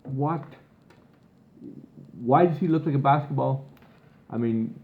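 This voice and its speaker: A vlogger rambles through a long, profane, exasperated rant. His medium-pitched voice is slow with long pauses, sounding thin and phone-like as it bounces around an echoey room.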